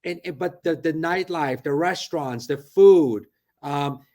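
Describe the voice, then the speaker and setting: A man's voice: fairly high pitch, unhurried, creaky, warm tone. A middle-aged man, a real estate broker, chatting animatedly from his office on a video call and tagging his points with "right?". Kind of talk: casual interview talk.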